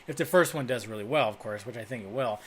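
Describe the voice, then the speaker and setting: A man's voice: medium pitch, fast talker, fairly bright tone, a little hiss or hum. Rambling, swearing male film vlogger. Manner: loose, chatty, swears freely. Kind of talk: casual rambling commentary. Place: dim indoor room. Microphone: desk microphone, webcam.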